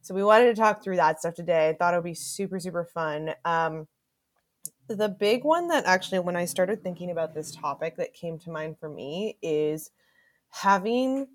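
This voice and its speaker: A woman's voice: lowish voice, lively intonation, normal speed. Chatty young woman telling stories. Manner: chatty, laughs often, tells stories with "like". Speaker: podcast co-host. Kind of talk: casual chat.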